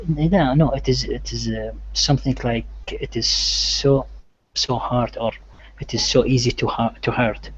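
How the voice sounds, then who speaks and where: A man's voice: medium pitch, fairly even intonation, unhurried, slightly rough. A man studying English in a class, asking questions hesitantly and searching for words. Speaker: language student. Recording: dull lo-fi audio.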